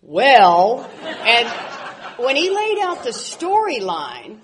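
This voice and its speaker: Lively woman telling stories to a crowd. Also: fairly high pitch, moderate pace, a little hiss or hum. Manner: animated storytelling with laughs and loud outbursts. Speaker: recovery convention speaker. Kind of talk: speaker talk to an audience.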